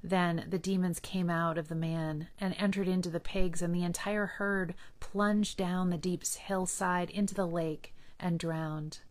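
A woman reading Bible passages aloud in a measured, earnest manner. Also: on the low side, level tone. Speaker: scripture reader.

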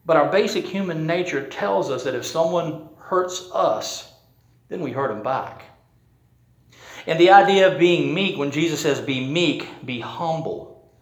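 Conversational preacher, roomy echo. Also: male voice, on the high side. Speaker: pastor. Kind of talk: sermon.

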